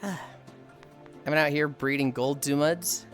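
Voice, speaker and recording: A woman streamer chatting casually while she plays, animated and swearing freely, laughing often. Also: sits low, normal speed, soft background music. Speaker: live streamer. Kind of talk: casual chat while gaming.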